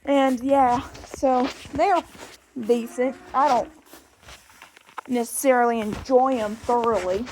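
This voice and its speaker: Speaking slowly in a steady, darkish tone, a young woman puts on a Southern drawl as she strolls a farm outdoors, slightly breathless, for her casual vlog. Chatty throughout, she switches to a high baby voice to coo at the animals. There's a bit of hiss or hum on the audio.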